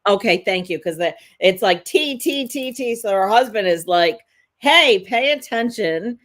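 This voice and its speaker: A woman's voice: mid-range voice, lively intonation, moderate pace. A woman co-hosting a live psychic reading, rambling and hesitant with many fillers. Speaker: psychic co-host.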